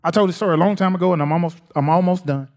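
A man's voice: high-pitched, racing. A man preaching a sermon, folksy and repetitive, his voice climbing sharply when he gets worked up. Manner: folksy, repeats phrases, rises to near shouts.

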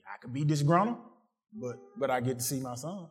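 A man preaching a sermon, asking the congregation questions and swinging from excited peaks to quiet asides. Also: fairly quick. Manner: call-and-response preaching, rising to excited peaks then dropping low.

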